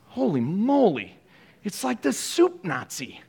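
A man's voice: high-pitched, vocal fry, a little mellow, slightly rough. A man pastor giving a sermon, joking, laughing often and throwing sarcastic asides to the congregation.

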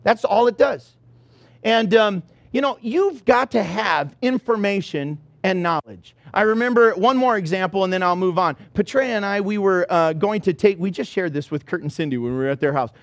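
Man, preacher, high voice, dry sound, animated sermon storytelling. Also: moderate pace, no room sound. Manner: animated storyteller who acts out dialogue. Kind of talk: sermon with personal stories.

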